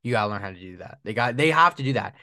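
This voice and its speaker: A man's voice: on the low side, racing, no room sound, clean studio sound. Frustrated man ranting on a sports podcast. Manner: frustrated, repetitive, animated complaining. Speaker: podcast host. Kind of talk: solo sports podcast rant.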